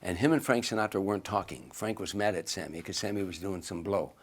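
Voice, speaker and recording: A man's voice: sits low, fast. A man casually telling a story, acting out the quoted lines as he goes. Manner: animated storyteller who acts out quoted lines.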